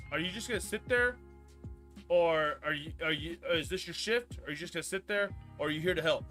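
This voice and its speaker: A man in his early thirties with a fairly high, bright, forceful voice spins a rambling, swear-heavy work story on a live stream. He keeps circling back with fillers, and his voice rises hot and loud when he reaches the angry parts. Faint music plays under him. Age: 30s. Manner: profane, rambling, gets loud and heated telling the story. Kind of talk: casual storytelling chat.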